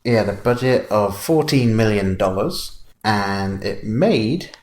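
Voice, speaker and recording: A man's voice: on the low side, animated, slow, roomy sound. A man co-hosting a film review podcast, dry and matter-of-fact in casual chat. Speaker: podcast co-host.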